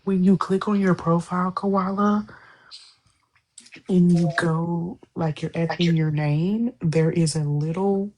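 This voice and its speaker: A woman's voice: fairly low pitch, steady tone, measured pace, dark tone. A woman guest on a phone live stream, brash and teasing, swearing casually. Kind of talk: casual chat.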